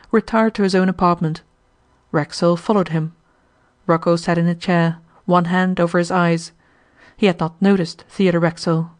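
A woman narrating an audiobook in a slightly lower voice. Her reading is measured and expressive, shaping each sentence with care.

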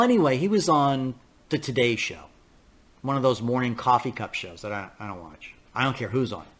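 A man's voice: medium pitch, a bit bright. An older male podcast host delivers a blunt, rambling political rant with a mid-range voice. He swears freely and chuckles at his own anecdotes as he goes. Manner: blunt, ranting, profane, laughs at his own stories. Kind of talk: political commentary monologue.

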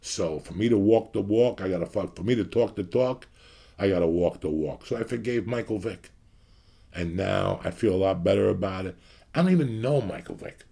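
A man's voice: low voice, moderate pace, gravelly, mellow, slightly rough. A man in his fifties from the New York area, hosting his show with a blunt, profane rant to his audience. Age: 50s. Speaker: podcast host.

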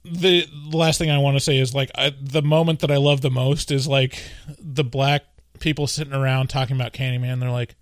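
A man co-hosting a podcast in casual chat, rambling and joking in an animated way. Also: mid-range voice, a little fast, no echo, studio quality. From US West Coast. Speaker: podcast co-host.

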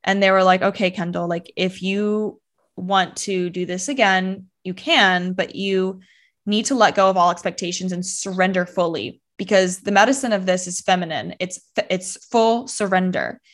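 A woman's voice: fairly low pitch, moderate pace. A young woman telling a personal story as a podcast guest, talking casually with many fillers and acting out her past thoughts.

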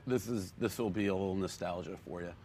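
A man's voice: sits low, fast talker, darkish tone, slight background noise. A man hosting a sports talk show, bantering casually and chuckling.

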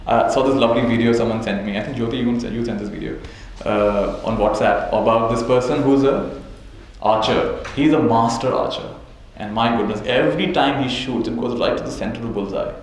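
A man's voice: mid-range voice, a little fast, few pauses. A man teaching a live audience as a spiritual teacher, telling stories, chuckling often and checking in with "right?". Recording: very echoey hall, faint noise.

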